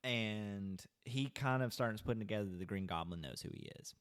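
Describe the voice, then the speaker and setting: A man's voice: on the low side, moderate pace, clear, resonant tone, dry recording, clean studio sound. A man co-hosting a podcast, casually retelling a movie's plot in a loose, rambling way full of "like"s. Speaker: podcast co-host. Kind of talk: casual movie recap chat.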